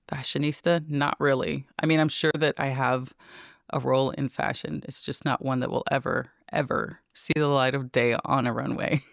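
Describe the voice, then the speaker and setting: A woman's voice: sits low, creaky, clean tone, no room sound, studio quality. A middle-aged woman hosting her own podcast, talking casually to listeners in a rambling, playful and self-mocking way. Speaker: podcast host. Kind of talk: casual solo podcast monologue.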